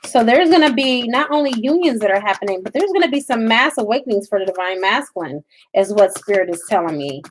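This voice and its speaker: A woman's voice: fairly high pitch, lively intonation, fast talker, hardly any pauses, a little hiss or hum. A woman giving a live spiritual reading, talking to her viewers in an emphatic, preachy way. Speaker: spiritual reader.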